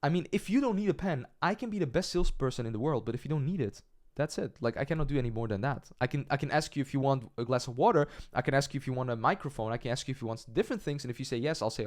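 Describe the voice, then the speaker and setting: A young man coaching on cold calls in a direct, conversational lesson, his voice pitched in an ordinary middle range. He checks in often with short questions and acts out sample phone lines as he goes. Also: expressive, fast talker, hardly any pauses, darkish tone. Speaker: agency coach. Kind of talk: sales training lesson.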